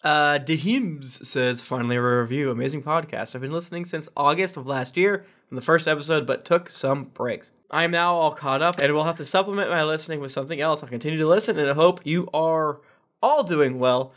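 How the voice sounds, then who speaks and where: A man's voice: on the high side, brisk, a bit bright. A man hosting a podcast, reading listener reviews aloud with joking asides. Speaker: podcast host.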